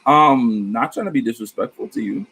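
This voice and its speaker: Here a male tarot reader vlogs about spirit guides, casual and rambling, animated, with plenty of slang and profanity. His voice is medium-pitched at a moderate pace, and the low-quality recording has slight background noise.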